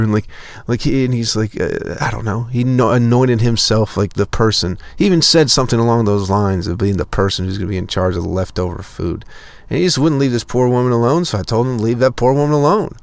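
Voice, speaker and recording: A man's voice: mid-range voice, a little fast, gravelly, no room sound. A young man telling a profane, exasperated story as a podcast host in a casual comedic rant.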